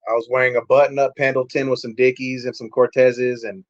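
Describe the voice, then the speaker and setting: A man's voice: medium pitch, little pitch movement, brisk, no echo. A young man recounts his past in casual, streetwise talk, slipping into the voices of the people he met. His voice sits in a middle register. The recording is dry and close, with a slightly dull, muffled tone. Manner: candid, streetwise, acts out quotes. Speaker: pastor, podcast guest. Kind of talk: casual storytelling.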